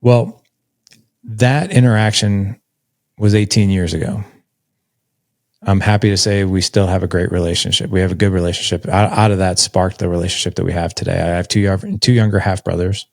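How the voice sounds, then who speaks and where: A man's voice: low-pitched, steady tone, a little fast, vocal fry, a little mellow, dry recording, clean studio sound. A man in his forties telling a personal story as a podcast guest, candid and conversational, with lots of filler words. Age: 40s.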